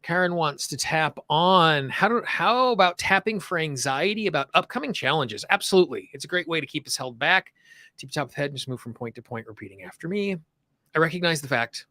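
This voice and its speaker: A man guides listeners through a tapping session, setting out calm, slow affirmations for them to repeat and breaking off for loose, chatty asides. His voice is bright and forward, and it is recorded dry and close with almost no room sound. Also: fairly high pitch, no room sound. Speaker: tapping coach.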